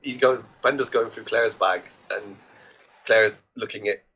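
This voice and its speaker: A man's voice: fairly low pitch, unhurried, pushed and bright, slightly rough. A man co-hosting a podcast, casually retelling film scenes and quoting the characters, with lots of restarts. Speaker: podcast co-host. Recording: dull lo-fi podcast audio.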